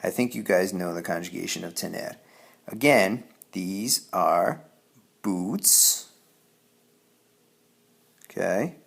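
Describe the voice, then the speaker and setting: Male Spanish teacher, low gravelly voice, patient explainer who keeps asking "okay?". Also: lively intonation, slow, long pauses, a bit bright. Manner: patient, repeats "okay?" to check understanding. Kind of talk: classroom grammar lesson.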